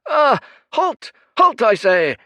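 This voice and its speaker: A man voicing an ancient, weary high priest who is pompous yet desperate, calling out in shrill, wheezing shouts. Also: sing-song, slow pace, breathy edge, dry recording, exaggerated voice. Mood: shrieking, desperate.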